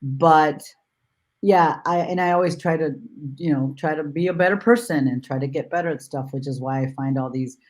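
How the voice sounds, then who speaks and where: A woman dog trainer in casual conversation, speaking haltingly with many restarts and repeated words. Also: deep voice, a little mellow.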